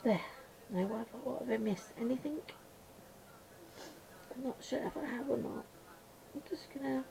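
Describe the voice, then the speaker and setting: A woman chatting casually while she colours at a desk at home, rambling and mumbling quietly to herself, a little blocked up with her voice going gruff. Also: a little high, moderate pace, pauses often, crowd noise, poor audio. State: slightly congested, voice going gruff. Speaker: colouring channel host. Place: small room at home.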